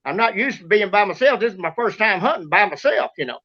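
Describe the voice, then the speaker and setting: High-pitched excitable Kentucky man. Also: quick pace, lo-fi sound. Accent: Kentucky Southern US. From Kentucky, USA. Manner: excitable, drawling, acts out sounds and shouts. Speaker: show host telling a story. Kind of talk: animated storytelling.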